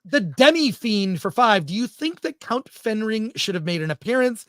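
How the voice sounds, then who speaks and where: A man's voice: high voice, big pitch swings, normal speed, a bit bright, no echo, clean studio sound. A man co-hosting a film podcast in casual, opinionated chat, reading out live chat comments as he goes. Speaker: podcast co-host.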